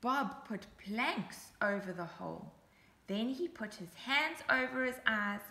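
A woman reading a picture book aloud to young children, with lively asides pointing things out on the page. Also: fairly high pitch, slow, gravelly, echoey room. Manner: animated, chatty asides to young listeners. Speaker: storybook reader. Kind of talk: children's story read-aloud.

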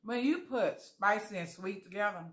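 A woman's voice: mid-range voice, moderate pace. A woman food vlogger tasting jellies on camera, chatting casually to her viewers with savoring murmurs between bites.

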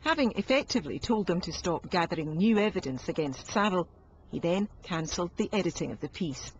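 A narrator reading a scripted documentary in a measured, grave way. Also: medium pitch, expressive, a little hiss or hum. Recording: dull audio under music. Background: music bed.

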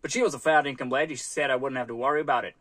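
A man's voice: medium pitch, steady tone, very fast, a bit bright, lightly acted. A man putting on a broad Aussie bloke voice. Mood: cheeky. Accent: put-on Australian. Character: man's exaggerated Australian bloke impression.

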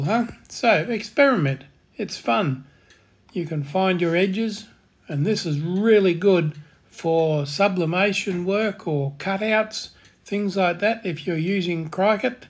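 Husky man walking through software steps. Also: high voice, measured pace. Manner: calm, plain instructional delivery. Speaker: tutorial host. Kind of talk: step-by-step software tutorial.

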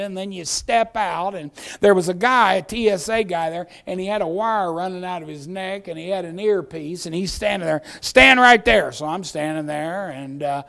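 Gravelly high-voiced preacher. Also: male voice, moderate pace. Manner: storytelling, acts out voices, swings from hushed to shouting. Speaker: pastor. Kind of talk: sermon. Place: church sanctuary.

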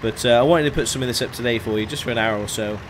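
A young man talks loosely through a live game stream, reading out viewer names and reacting as he goes. His voice sits at an ordinary middle pitch, and a faint truck engine rumbles under it. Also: very fast, noisy background. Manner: chatty, greets chat viewers by name. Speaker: gaming streamer. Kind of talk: casual live-stream commentary.

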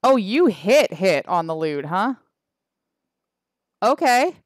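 Slow-talking Canadian woman streamer, wry. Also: mid-range voice, very animated, no room sound, clean studio sound. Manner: chatty, wry, trails off with fillers. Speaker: game streamer. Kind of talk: casual livestream chat reading the chat.

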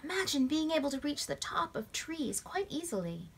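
A woman's voice: sits high, big pitch swings, normal speed, creaky, fairly bright tone, slight background noise, voice pushed up, exaggerated voice. A woman voicing a bossy eldest boy. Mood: musing. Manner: firm, in-charge tone.

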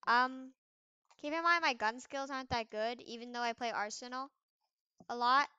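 A woman's voice: fairly high pitch, steady tone, moderate pace, sharp tone, smooth, no room sound, lo-fi sound. A young woman chatting playfully while playing an online game, exclaiming often as she narrates what happens. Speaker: gamer. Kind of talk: casual gameplay commentary.

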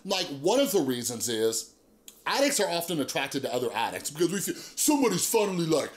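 A man in recovery telling a story to camera in a casual vlog, checking in with "right?" and "okay?" as he goes. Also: a little fast. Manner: conversational, peppers talk with "like", "right?" and "okay?"; animated storyteller, drops low and quiet for grim moments. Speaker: YouTuber talking about addiction recovery.

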